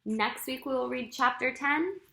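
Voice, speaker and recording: A woman reading a children's chapter book aloud, unhurried, fixing her own slips as she goes. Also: high-pitched, creaky, sharp tone, roomy sound. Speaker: story reader.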